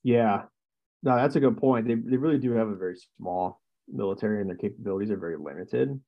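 A man's voice: lowish voice, quick pace. A man hosting a casual discussion, easygoing and agreeable, asking his guest questions. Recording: dull lo-fi sound.

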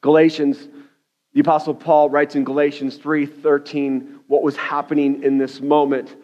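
Pastor guy preaching hard in church, kinda high voice, muffled lo-fi sound. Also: level tone, moderate pace. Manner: fervent preaching, rising and loud at climaxes, frequent "okay?" asides. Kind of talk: sermon. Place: church sanctuary. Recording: dull lo-fi audio.

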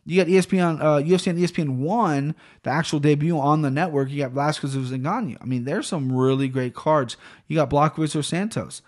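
Solo podcast host, man, slightly higher voice, profane and rambling, close on a studio mic at home. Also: quick pace, few pauses.

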